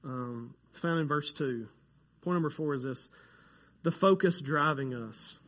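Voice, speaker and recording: A man preaching a sermon to his church, chatty and joking with the congregation, growing excited over facts that surprise him. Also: on the high side, a little slow. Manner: conversational, jokes with the congregation, gets animated over surprising facts. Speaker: pastor. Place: church sanctuary.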